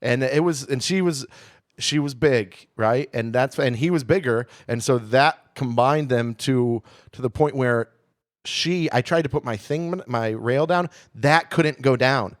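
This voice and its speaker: Male comedy podcast co-host, animated profane storyteller, medium voice, dry close sound. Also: medium pitch, unhurried, dry recording.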